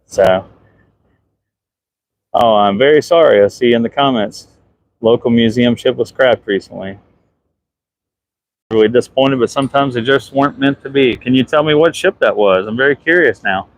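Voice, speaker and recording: A man's voice: mid-range voice, normal speed, pauses often, rough recording. A man with a Southern US accent giving a casual live stream from a ship deck as its superintendent, answering viewer comments as he films.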